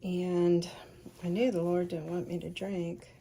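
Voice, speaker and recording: A woman in her fifties telling a personal faith testimony, soft-spoken and often sinking into a breathy whisper. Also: lowish voice, little pitch movement, measured pace. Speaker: speaker sharing a faith testimony.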